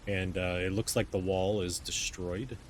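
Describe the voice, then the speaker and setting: Male GM, deep voice, halting, filler-heavy narration of a tabletop game. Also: steady tone, a little hiss or hum. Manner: hesitant, many ums and restarts. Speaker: game master.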